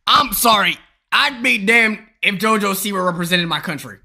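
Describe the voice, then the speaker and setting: A man reacting to a video as a streamer, cracking loud jokes in casual slang. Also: high voice, animated, moderate pace, vocal fry. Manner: loud, joking, slangy interjections.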